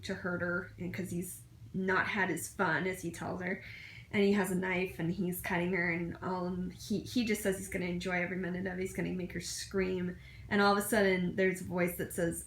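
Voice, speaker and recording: A woman's voice: lowish voice, moderate pace, slight background noise. Gushing woman reviewing fan fiction, echoey room. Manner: gushing, excitable, many fillers and restarts.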